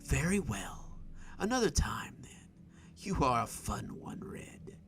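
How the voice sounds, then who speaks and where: A man doing a raspy, wheezing sinister stranger. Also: medium pitch, sing-song, takes it slowly, fairly bright tone. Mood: taunting. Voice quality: raspy wheezing half-whisper. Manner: smug, taunting. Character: sly menacing uncanny male stranger.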